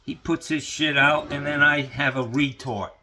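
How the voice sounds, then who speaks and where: A man's voice: fairly high pitch, steady tone, moderate pace, pushed and bright, slight background noise. A man ranting casually into the camera, profane and rambling, with lots of fillers. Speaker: vlogger.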